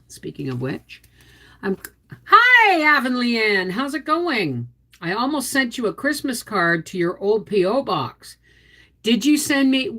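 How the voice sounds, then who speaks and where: On her homestead channel livestream, a middle-aged woman from Quebec, Canada chats casually, reading comments and greeting people by name. She has a mid-range, slightly bright voice.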